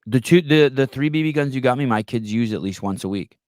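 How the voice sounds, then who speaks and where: A man hosting a podcast, chatting casually and telling stories with quick back-and-forth retorts. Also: mid-range voice, no echo, clean studio sound. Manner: animated storyteller, quick retorts. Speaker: podcast host. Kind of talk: casual chat.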